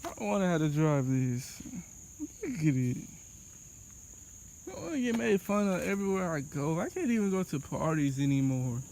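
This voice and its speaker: A man's voice: fairly high pitch, big pitch swings, moderate pace, darkish tone, a little hiss or hum. A young man vlogging outdoors on a phone camera, exasperated and repeating himself as he shows damage. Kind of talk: dramatic vlog walkthrough.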